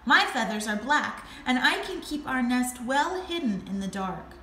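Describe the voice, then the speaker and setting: A woman's voice: high-pitched, very animated, measured pace, a bit bright, reverberant, slight background noise, exaggerated voice. A woman voicing a dutiful male ostrich father in a storybook, earnest and declaring.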